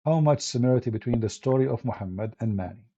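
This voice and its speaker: A man with an Arabic accent holds forth on a live stream in an emphatic, combative monologue, often breaking off and restarting his phrases. His voice is gravelly and husky, with a dark, mellow tone. The stream audio sounds dull and lo-fi. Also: medium pitch, quick pace. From Middle East. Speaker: apologist hosting a live stream.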